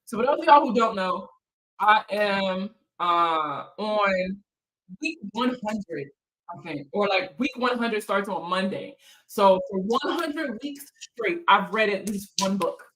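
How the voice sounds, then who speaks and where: A woman hosts a relaxed livestream chat in a bright, forceful voice. She talks in loose slang with plenty of swearing and laughs often. She reads out viewer comments and answers them. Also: mid-range voice, slow pace, poor audio. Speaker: financial counselor hosting a live chat.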